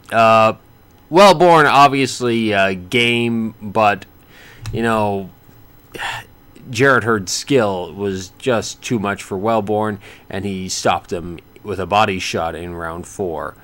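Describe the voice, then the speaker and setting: A man casually recapping a boxing match he watched, rambling with many restarts and bursts of excitement. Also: on the low side, smooth. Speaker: boxing fan reviewing a fight.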